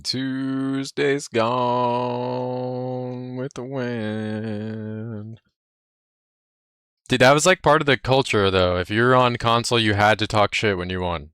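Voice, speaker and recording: Brash, cocky man with a bright voice. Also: on the low side, a little fast, hardly any pauses, clean tone, no echo, studio quality. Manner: brash, profane, cocky storytelling. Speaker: livestreamer. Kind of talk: casual stream chat.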